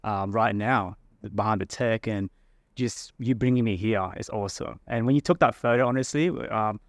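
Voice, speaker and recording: Man, Australian accent, animated, storytelling guest, dry close sound. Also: fairly low pitch, moderate pace, no echo. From Darwin, Australia. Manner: animated storyteller, acts out quotes, laughs often. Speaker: podcast guest. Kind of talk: casual chat.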